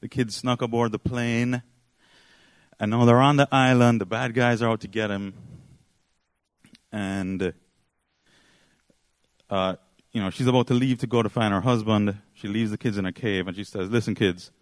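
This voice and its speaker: A man's voice: lowish voice, fairly even intonation, moderate pace, long pauses, smooth, no room sound. A man preaching a sermon, retelling a story in a rambling, casual way with frequent fillers.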